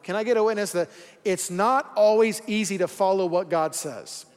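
A man's voice: sits high, a little fast, clean tone. A man preaching a sermon in a casual, joking way, acting out quoted voices as he goes. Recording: long hall reverb.

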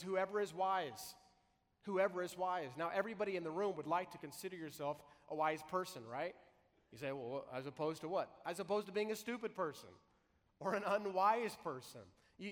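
A man preaching a sermon as pastor, talking in a conversational way and slowing down to read scripture aloud. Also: on the high side, big-room sound. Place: large church hall.

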